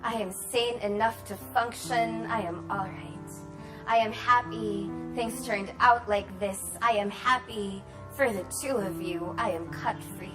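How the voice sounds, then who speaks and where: A guest poet with a medium-pitched voice talks about her confessional work, then performs a spoken word poem that builds from hushed to forceful with rising intensity. She speaks a little slowly, with music playing in the background.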